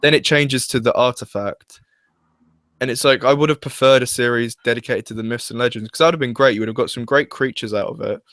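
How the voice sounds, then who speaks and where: A man's voice: medium pitch, fast talker, a bit bright, no echo. A young man chatting casually as a fan reviewer, hesitant and full of restarts and fillers. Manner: hesitant, restarts often, uses "like" a lot. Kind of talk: casual chat.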